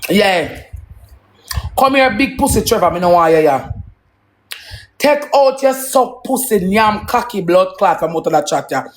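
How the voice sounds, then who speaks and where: Jamaican woman ranting hot and preachy in heavy patois, profane, ordinary mid pitch. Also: animated, measured pace, long pauses. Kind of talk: live rant to viewers.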